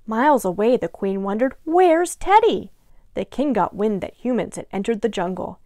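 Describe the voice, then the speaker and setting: A woman librarian reading a picture book aloud to young children in an expressive, animated way. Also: mid-range voice, a little fast, dry recording, clean studio sound. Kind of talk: children's storytime read-aloud.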